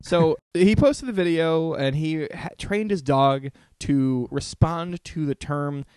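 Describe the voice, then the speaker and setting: A man's voice: fairly high pitch, slow pace, a little mellow, clear, resonant tone, no echo. A man hosting a casual comedic podcast, joking around and laughing at his own puns. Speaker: podcast host.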